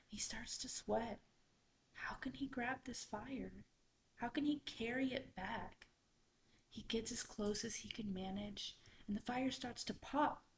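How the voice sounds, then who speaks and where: A woman student tells a folktale from memory, in an expressive storytelling voice. Her pitch sits in the middle range. At the suspenseful moments she sinks into a whisper. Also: slight background noise, rough recording. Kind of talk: oral folktale retelling.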